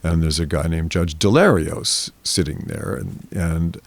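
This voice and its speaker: A very low-voiced man with a gravelly, creaky edge tells a winding personal story in relaxed conversation. He slips into other people's voices as he goes. The sound is dry and close. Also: a little slow, no echo. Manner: rambling anecdotal storytelling, acts out quoted voices. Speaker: interview guest. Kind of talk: casual storytelling in a therapy interview.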